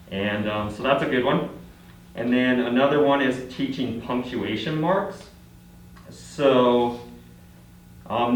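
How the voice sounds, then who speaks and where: A man presents to a class on reading fluency, halting often with fillers. He is heard from a distance in a very echoey room with faint noise behind him. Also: medium pitch. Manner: hesitant, many ums. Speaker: education student presenting.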